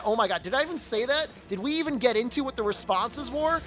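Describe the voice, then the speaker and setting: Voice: medium pitch, expressive, fast, fairly bright tone, a little hiss or hum. A game streamer chatting casually on a live stream, ranting in a mock-angry way and laughing often.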